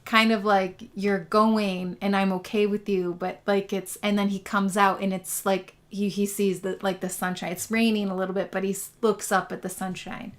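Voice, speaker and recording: A woman's voice: medium pitch, level tone, moderate pace, few pauses. Musing woman thinking aloud. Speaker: podcast co-host. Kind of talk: casual live film review chat.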